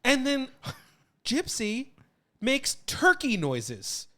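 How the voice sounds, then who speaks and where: A man co-hosting a casual podcast, talking with an expressive, swooping delivery. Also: very high voice, extremely slow. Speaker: podcast co-host. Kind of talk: casual chat.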